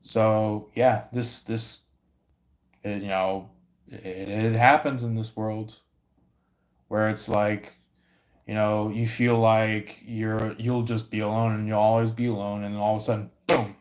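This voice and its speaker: A man giving a casual livestream tarot reading, talking haltingly with many fillers and restarts. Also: on the low side, little pitch movement. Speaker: tarot reader.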